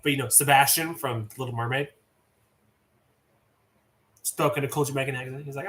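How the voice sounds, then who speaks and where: A man's voice: medium pitch, fairly even intonation, brisk, long pauses, sharp tone. A man in his thirties, a player at a tabletop game, chatting casually and wandering into asides.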